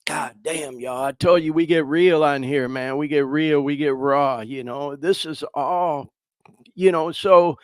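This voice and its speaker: A man hosts a live podcast while fighting back tears. He swears freely and keeps calling his listeners y'all, his voice sitting a little high. The sound is dry and close, with no room around it. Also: measured pace, dry recording. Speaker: podcast host. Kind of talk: emotional live podcast talk.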